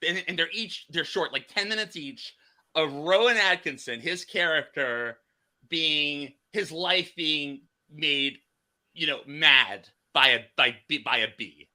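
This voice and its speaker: An American man hosting a casual chat, asking questions in a halting way with many fillers. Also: on the high side, sharp tone. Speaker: podcast host.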